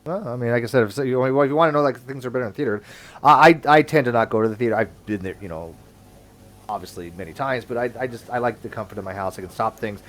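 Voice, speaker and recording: Fast-talking man who stumbles over restarts. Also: mid-range voice, a bit bright. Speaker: livestream host. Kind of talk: casual online hangout chat.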